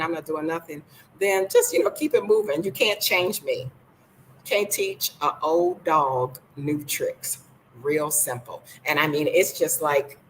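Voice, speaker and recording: A woman's voice: fairly low pitch, fairly bright tone, a little hiss or hum, low-quality recording. An older woman from the United States, blunt and sassy, chatting casually in a vlog from her home. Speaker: vlogger.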